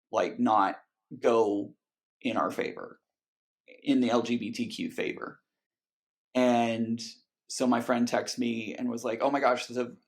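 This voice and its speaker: A man, a guest on an interview podcast, talking earnestly and emotionally, often pausing and restarting. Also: mid-range voice, creaky. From Texas. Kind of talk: candid conversational interview.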